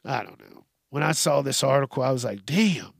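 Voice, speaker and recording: A man's voice: mid-range voice, a little fast, gravelly, no room sound, studio quality. A man hosting a podcast, ranting with heated, sweary sarcasm. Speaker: podcast host. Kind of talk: profane comedic rant.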